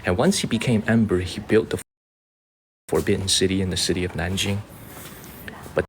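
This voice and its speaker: A man's voice: low voice, fairly even intonation, a little fast. An American man hosting a casual live-stream tour through an outdoor garden. He is chatty, repeats himself, and calls his viewers y'all. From United States. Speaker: livestream host and tour guide. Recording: noisy outdoor ambience.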